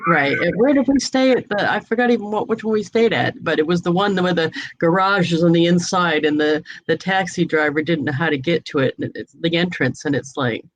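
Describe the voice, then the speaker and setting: A woman's voice: fairly low pitch, brisk, few pauses, dry recording, rough recording. A woman from New England hosting a casual video chat, telling anecdotes and laughing often. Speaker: host.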